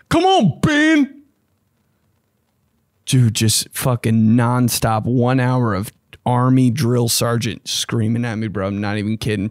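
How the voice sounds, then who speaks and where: A young man hosting a casual podcast, talking loosely and profanely and jumping about in pitch. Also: no echo, studio quality. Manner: loose, profane and animated, with sudden jumps in pitch. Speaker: podcast host. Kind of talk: casual solo podcast chat.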